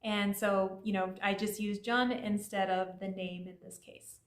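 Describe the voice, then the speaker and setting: A woman explains vocabulary to her learners in a friendly, patient way, dropping in casual fillers as she goes. Her voice sits at a middle pitch. The room around her gives a noticeable echo. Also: fairly even intonation, a little slow. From Iranian family. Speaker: language teacher.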